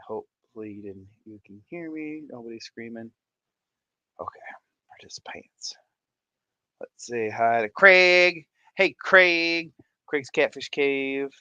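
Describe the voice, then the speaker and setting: A man in his thirties chats on a livestream in an unhurried, drawn-out way, with a bright and forceful tone. He is goofy and excitable and often breaks into laughter. The sound is close and dry, with no room around it. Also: medium pitch, clean tone, no echo, highs cut off. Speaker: livestream host. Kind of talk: casual livestream chat.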